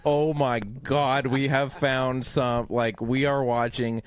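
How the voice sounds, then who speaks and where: A man's voice: mid-range voice, slow, clean tone, dry recording. A man from Canada co-hosting a movie podcast, telling stories with lots of swearing and laughter. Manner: profane, laughing, animated storytelling. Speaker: podcast co-host reviewing movies. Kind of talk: casual chat.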